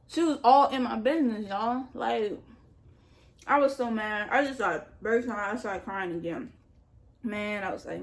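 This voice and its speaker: A woman telling a personal story in a casual vlog, animated and profane, talking straight to her viewers. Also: fairly high pitch, normal speed. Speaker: vlogger.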